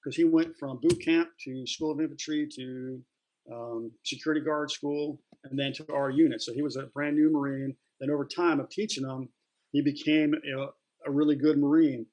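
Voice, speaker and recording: A man's voice: fairly high pitch, fairly even intonation, normal speed, darkish tone, low-quality recording. A middle-aged man, an interview guest, telling stories in a plain-spoken, loose way with many fillers and restarts. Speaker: interview guest, retired Marine. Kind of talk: casual storytelling.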